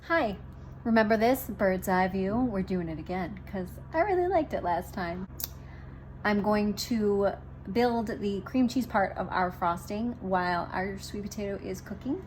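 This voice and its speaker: A woman's voice: mid-range voice, expressive, measured pace, soft background music. A woman hosting a home baking show, chatting playfully to the viewer as she works through a recipe in her kitchen. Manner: chatty and playful, talking to the viewer while working. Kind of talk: casual cooking demonstration.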